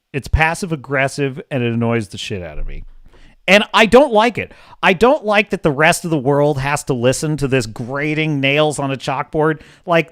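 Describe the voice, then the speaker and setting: A man's voice: fairly high pitch, a bit bright, dry recording, studio quality. A man hosting a podcast, ranting in casual commentary with an opinionated, exasperated tone. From United States. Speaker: podcast host.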